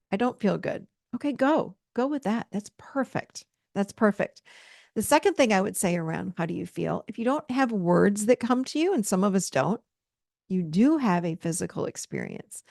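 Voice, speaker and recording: A woman's voice: medium pitch, gravelly, dry recording, clean studio sound. A woman hosting a self-help course, teaching with an encouraging, repetitive manner. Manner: warm, encouraging, repeats phrases for emphasis. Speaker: coach and course host.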